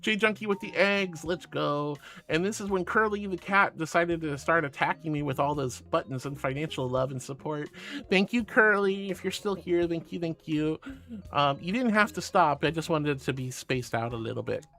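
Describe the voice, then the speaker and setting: A man's voice: on the high side, normal speed, a bit bright. A man streaming casually, playfully and affectionately reading chat aloud.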